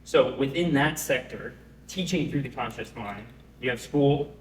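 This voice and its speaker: A man giving a live pitch presentation to an audience, conversational and often checking in with them. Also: unhurried, a little hiss or hum. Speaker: startup founder pitching. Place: event room. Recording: echoey room, mic at a distance.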